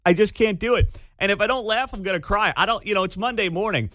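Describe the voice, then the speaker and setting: A man's voice: high-pitched, fast, hardly any pauses, pushed and bright, no room sound. A man hosting a talk radio show, delivering an opinionated monologue with an incredulous, sarcastic edge. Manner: incredulous, sarcastic, laughs at the absurdity. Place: radio studio. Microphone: studio microphone.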